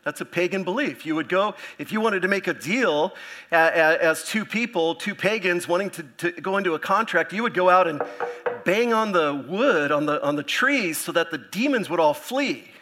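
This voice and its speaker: A male pastor delivers a sermon in a loose, conversational way, full of asides and rhetorical questions. His voice sits a little high and comes across bright and forceful. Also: normal speed. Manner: conversational, animated teaching with asides.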